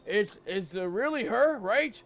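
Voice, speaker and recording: A man's voice: sits high, expressive, a little slow, gravelly, soft background music, heavily acted. Man reading a worried grown son. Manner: worried, earnest. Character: anxious grown son searching for his mother.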